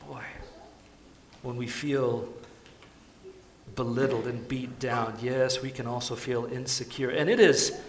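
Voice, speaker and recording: A man preaching a sermon, moving between soft, pleading tenderness and loud, urgent calls. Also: mid-range voice, fairly even intonation, slow, pauses often, reverberant. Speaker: pastor.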